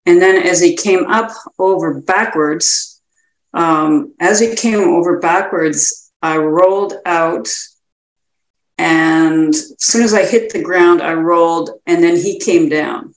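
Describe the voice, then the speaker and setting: A woman with a Canadian accent, a guest karate instructor, talking quickly and matter-of-factly in a casual podcast chat. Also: fairly low pitch. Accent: Canadian English. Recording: echoey room.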